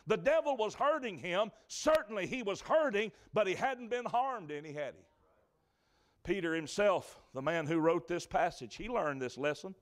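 A man with a high voice preaches a sermon in a church. He tells the stories dramatically, swinging from loud, rising lines down to hushed ones. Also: expressive, moderate pace.

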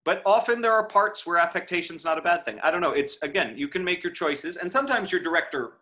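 A man giving a lecture on verse scansion, thinking aloud and reading lines slowly with stress. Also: sits high, expressive, sharp tone.

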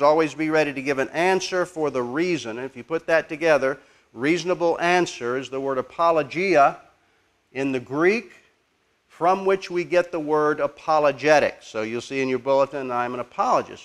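A man teaching a congregation in a conversational, halting way, pausing to ask the audience questions. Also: a little high, fairly bright tone. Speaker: preacher teaching apologetics.

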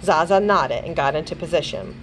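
A woman librarian reading a children's chapter book aloud in an expressive storytelling voice. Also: low-pitched, slight background noise, poor audio. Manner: pauses to check pronunciation of words. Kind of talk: children's read-along narration.

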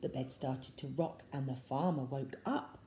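A woman reading a picture book aloud to young children, expressive and slow, slipping into soft whispers for asides. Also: extremely low pitch. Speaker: storyteller for children. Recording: echoey room.

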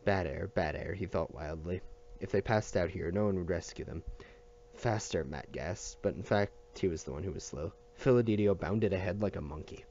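A man reading a novel aloud at a steady pace, with small restarts and slips. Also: deep voice, moderate pace, vocal fry, muffled recording, slight background noise. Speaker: audiobook reader.

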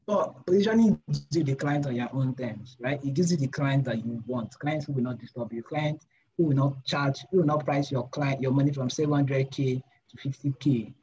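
A man's voice: mid-range voice, moderate pace, dark tone, breathy edge. A young man mentoring designers in an informal live session, emphatic and repetitive, firing off rhetorical questions. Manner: emphatic, repeats phrases, fires rhetorical questions. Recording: slightly dull lo-fi recording.

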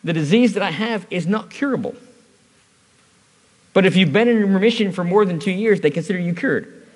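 A man's voice: high voice, animated, normal speed, long reverb tail. A man preaching a sermon at a church service, telling a personal story in a conversational way with touches of humor.

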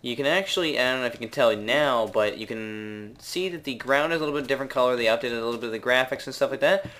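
A man's voice: mid-range voice, fairly bright tone. Young Canadian guy, mid-range voice, casual self-mocking game commentary, words drag on. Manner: rambling, unsure, drawn-out words, laughs at himself. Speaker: gaming video maker.

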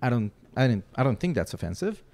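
A man's voice: mid-range voice, very animated, quick pace, vocal fry, darkish tone. A man, a guest on a podcast, telling rambling, joking stories in casual chat with lots of fillers and restarts. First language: Spanish. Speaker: podcast guest, rock photographer and interviewer.

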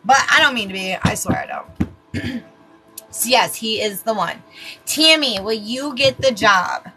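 A woman's voice: fairly high pitch, huge pitch swings, unhurried, music in the background, rough recording. A woman giving a casual tarot card reading, chatty and laughing at herself, with plenty of swearing. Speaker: tarot reader.

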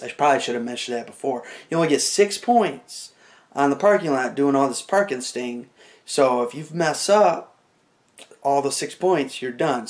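A young man talks straight to the camera in a loose, rambling stand-up style, acting out the moves as he goes. His voice sits at an ordinary middle pitch, and he keeps filling gaps with "like" and "you know". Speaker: comedian telling a story to camera. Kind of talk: casual stand-up storytelling.

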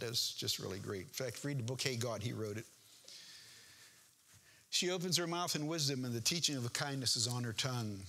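A man's voice: medium pitch, sharp tone, slightly rough. An older man preaching a sermon as pastor, reading scripture aloud and breaking off into homespun, joking asides about his family.

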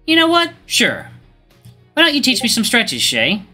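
A man voicing a tough, competitive young woman athlete with a blunt, sharp-tongued manner, reading video game dialogue aloud. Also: very high-pitched, huge pitch swings, measured pace, faint music behind, pitched above the performer's own voice, full character voice. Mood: irritated.

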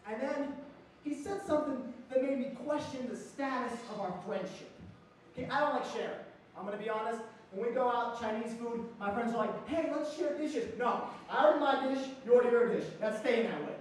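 A man doing a stand-up comedy set, telling stories brashly and shouting out quoted lines. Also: extremely high pitch, slight background noise. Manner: brash storytelling with loud acted-out quotes. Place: comedy stage. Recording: echoey room, mic far off, faint ambience.

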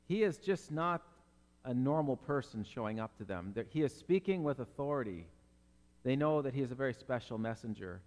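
A man's voice: medium pitch, lively intonation, fairly quick, a little mellow, long reverb tail. A male pastor preaching a sermon in an earnest, conversational way, acting out the people in the Bible story.

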